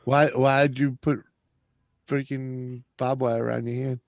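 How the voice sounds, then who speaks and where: A laid-back man chatting on a live stream, tossing in quick short replies. His voice sits at a middle pitch, and the recording is dry and close. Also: flat delivery, vocal fry, no echo. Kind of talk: casual chat on a live stream.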